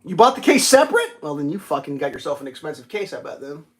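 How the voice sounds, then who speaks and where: High-voiced man rambling and cursing. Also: very animated, fast talker. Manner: rambling, profane storytelling with lots of fillers. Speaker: livestream host. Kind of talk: casual livestream chat.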